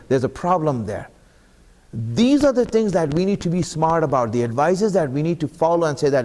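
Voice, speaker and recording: Speaking at an Islamic center, a man with a slightly high, darkish voice gives an earnest sermon in a mosque hall, talking a little fast with lively intonation. He repeatedly puts questions to the congregation, and the hall's reverb lingers long.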